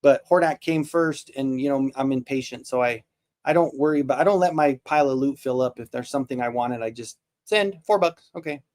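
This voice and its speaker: A man's voice: medium pitch, brisk, a little mellow. A man in his forties hosting a live toy stream, chatting in a loose, rambling and jokey way, often restarting his sentences. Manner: laid-back and jokey. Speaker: toy show host. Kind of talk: casual live-stream chat.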